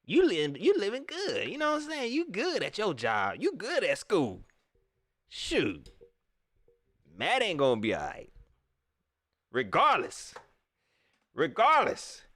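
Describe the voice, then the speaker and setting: A man hosting a casual live-stream sports talk show, animated and repeating phrases, often laughing. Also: sits high, slow, pauses often, no room sound. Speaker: sports fan show host.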